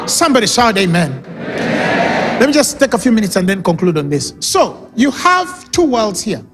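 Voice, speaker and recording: A man's voice: high voice, sing-song, moderate pace. A man preaching a sermon, emphatic and repetitive, often calling for responses from the congregation. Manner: emphatic, repeats key phrases, calls for audience response. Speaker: pastor. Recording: reverberant hall with music underneath.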